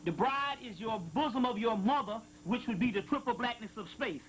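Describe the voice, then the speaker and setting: A man lecturing to an audience, slowly reading passages aloud and stopping often to explain them and check that listeners follow. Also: extremely high pitch, animated, a bit bright, a little hiss or hum, low-quality recording. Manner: slow emphatic reading of quotes, frequent "you see what I'm saying". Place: lecture hall with live audience.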